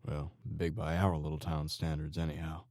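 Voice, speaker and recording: A man's voice: rumbling low, little pitch movement, normal speed, a little mellow, no echo, clean studio sound. A man voicing a serious, plain-spoken husband and father.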